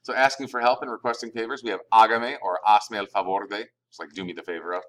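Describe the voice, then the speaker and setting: A man's voice: on the low side, steady tone, fast talker, fairly bright tone, poor audio. A male Spanish teacher giving a recorded class lecture, explaining informally with fillers and self-corrections.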